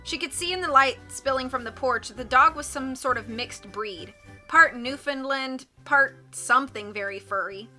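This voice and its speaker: Woman audiobook reader, bright and somewhat high, steady expressive narration. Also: normal speed, faint music behind. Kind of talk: reading a mystery novel aloud.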